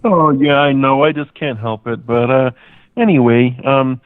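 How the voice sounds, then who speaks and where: A man's voice: medium pitch, unhurried, dry recording. A man calling in to a show, goofy and meandering, stumbling over made-up words. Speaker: caller. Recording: dry, tinny phone line.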